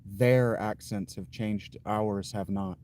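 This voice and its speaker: A man hosting a livestream, chatting casually with viewers' comments in an unhurried, blunt way, thinking aloud with fillers and restarts. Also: on the low side, steady tone, warm tone, slight background noise. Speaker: livestream host.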